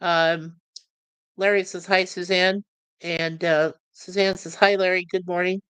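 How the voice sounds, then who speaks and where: A friendly host reviews a TV series on a relaxed livestream, his high, level voice bright, clear and resonant. Between bits of trivia he chuckles and reads out chat messages with filler pauses, and the recording is dry.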